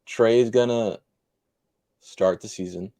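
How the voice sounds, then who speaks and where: A man co-hosting a casual sports podcast, spinning bold predictions in a lively way with lots of "like" fillers. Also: on the low side, slow pace, no room sound. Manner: animated, spins bold predictions with frequent "like" fillers. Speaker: podcast co-host.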